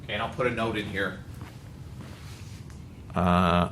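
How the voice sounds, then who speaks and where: Slow and full of long pauses, a math teacher with a fairly low voice gives a calculus lecture, tired and cracking jokes with his class as he works through a problem. It was recorded in an echoey classroom with faint noise.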